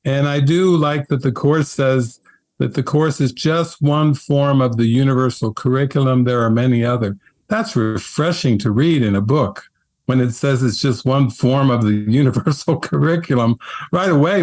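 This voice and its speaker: A man and spiritual teacher telling his story in an interview, earnest and animated, often laughing. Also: mid-range voice, normal speed.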